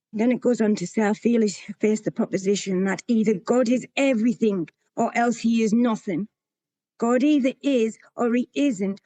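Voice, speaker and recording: A woman's voice: fairly high pitch, mellow, dry recording. A woman, telling her own recovery story to a meeting in a candid, plain-spoken way. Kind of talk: sharing a personal recovery story.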